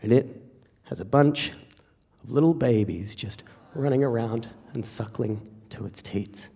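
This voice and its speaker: A man telling a true story live on stage, wry and animated, acting out the voices of the people he quotes. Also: mid-range voice, measured pace, creaky. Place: theater stage before an audience. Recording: reverberant hall.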